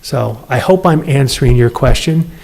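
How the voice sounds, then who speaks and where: Police chief explaining at a council meeting. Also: male voice, mid-range voice, creaky, a little mellow. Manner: measured, explanatory, uses plain examples. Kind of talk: answering questions at a public meeting.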